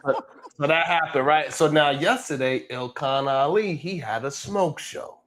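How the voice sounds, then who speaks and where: A man hosting a comedic show, recapping online drama in an animated, laughing storytelling way. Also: fairly high pitch, a little slow, slight background noise. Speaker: host.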